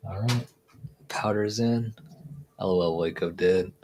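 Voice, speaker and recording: Laid-back low-voiced man streamer. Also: a little slow, darkish tone, a little hiss or hum. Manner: laid-back, rambling, laughs at own jokes. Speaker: live stream host. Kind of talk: casual chat.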